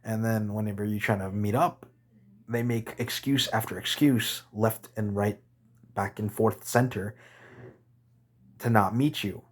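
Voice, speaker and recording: A man's voice: on the low side, fairly even intonation, a little slow, pauses often. A man vlogging a blunt, rambling rant to camera, swearing and correcting himself as he goes.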